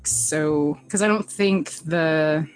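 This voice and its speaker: A woman casually recapping a TV episode as a podcast co-host, animated and laughing often, jumping up in pitch when she quotes characters. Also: slow, faint music behind. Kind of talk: casual chat.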